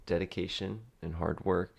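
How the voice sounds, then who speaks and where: Low-voiced man, laid-back improv storyteller. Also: flat delivery, normal speed, vocal fry. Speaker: podcast co-host.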